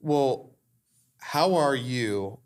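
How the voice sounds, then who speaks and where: A man hosting a relaxed faith podcast, chatting loosely with plenty of filler words. His voice sits at an ordinary middle pitch. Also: drawn-out words, clear, resonant tone. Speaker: podcast host. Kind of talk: casual faith conversation.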